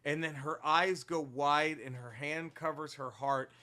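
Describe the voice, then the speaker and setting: A man co-hosting a casual podcast, retelling comic book plots in an animated, profane way with lots of restarts. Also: on the high side, measured pace. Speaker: podcast co-host.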